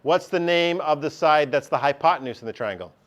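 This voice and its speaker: Chatty male teacher, slightly high voice. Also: animated, brisk. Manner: chatty, asks the class questions often. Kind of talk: classroom lesson. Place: classroom.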